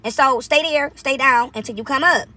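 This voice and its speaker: High, bright-voiced woman telling a story. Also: normal speed. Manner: animated, chatty, frequent "right?" asides. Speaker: vlogger. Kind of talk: casual storytelling monologue.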